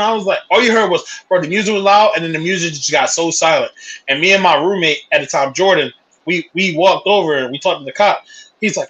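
Young man, high voice, bright, rambling, casual chat. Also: fairly quick, poor audio. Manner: loose, rambling, restarts stories. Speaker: storyteller.

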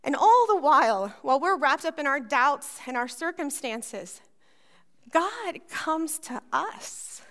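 A woman's voice: high-pitched, slow. A woman pastor preaching a sermon, telling a personal story and acting out the voices in it. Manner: animated storytelling, acts out voices.

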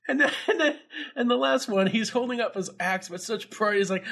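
A man co-hosting a casual game-review chat who laughs often and gets excited easily. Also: very high-pitched, vocal fry. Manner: giggly, excitable, quick to laugh. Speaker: co-host.

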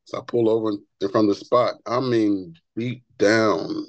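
An earnest man talks as a podcast guest, animated and heartfelt, repeating himself when he gets going. His voice sits a little low. The sound is dry and close. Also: normal speed, dry recording, muffled recording. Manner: repeats words when excited. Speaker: barber and author, podcast guest. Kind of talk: conversational interview storytelling.

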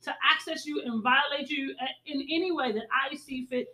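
A woman's voice: high-pitched, moderate pace, pushed and bright, echoey room, poor audio. A woman co-hosting a heated casual discussion, talking emphatically and repeating her points for stress. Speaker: podcast co-host.

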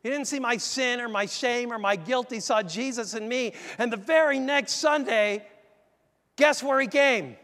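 A middle-aged man preaching a sermon, telling a story in a lively, conversational way and speaking straight to the congregation. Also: extremely high pitch, unhurried. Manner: animated, conversational, addresses the congregation directly. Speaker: pastor. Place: large church. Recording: echoey church hall.

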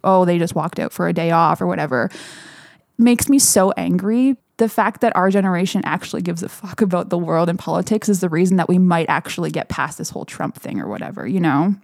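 A woman's voice: fairly low pitch, brisk, vocal fry, dry recording, clean studio sound. A woman, chatting casually and energetically, laughing often and saying "like" a lot. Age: 20s. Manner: energetic, laughing, heavy use of "like". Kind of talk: casual chat.

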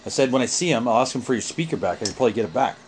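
An angry man lectures someone over a phone call, swearing constantly. He talks quickly at a mid pitch. A faint hum of noise sits behind him. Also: animated. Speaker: caller in a family phone argument. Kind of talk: heated phone argument.

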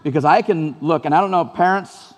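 A man's voice: fairly high pitch, fairly quick, big-room sound. A man preaching a sermon as pastor, earnest and conversational, repeating phrases for emphasis.

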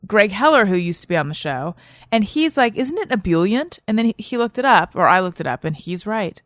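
A woman's voice: medium pitch, very animated, a little fast, no echo, clean studio sound. A woman hosting a podcast, chatting in a playful, rambling way. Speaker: podcast host. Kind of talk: casual chat.

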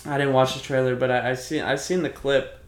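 A young man co-hosting a podcast in casual chat, speaking in a halting, hesitant way. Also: medium pitch, steady tone. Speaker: podcast co-host. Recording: roomy echo.

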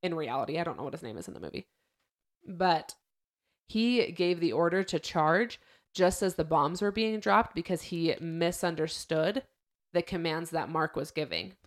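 A young woman chats casually as a podcast host, with a fairly low voice. She retells events in a loose, lively way and acts out what people said. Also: moderate pace. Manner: chatty storyteller, acts out quotes.

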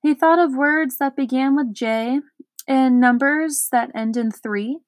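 A woman's voice: sits high, measured pace, no room sound. A woman reading a children's storybook aloud, giving the characters their own voices. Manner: voices characters with lively shifts. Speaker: audiobook reader. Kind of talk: storybook narration.

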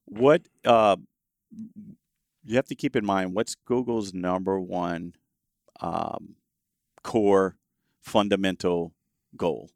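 A deep-voiced man talks in a casual conversation as a confident guest expert. He answers emphatically and often breaks in with quick agreement. The sound is dry and close. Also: steady tone, gravelly, no room sound. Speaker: guest expert on web marketing.

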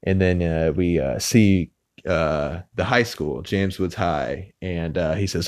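A man with a low, darkish voice takes his time, heard through a podcast mic in a dry, studio-quality recording. Hosting a podcast, he gives a casual, rambling recap of a TV episode, peppered with "uh" fillers and restarts.

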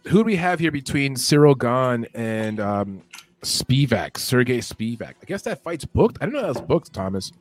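Male host, casual chat, teasing manner, mid-pitched voice. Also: big pitch swings, normal speed, slight background noise. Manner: teasing, reacts with exclamations.

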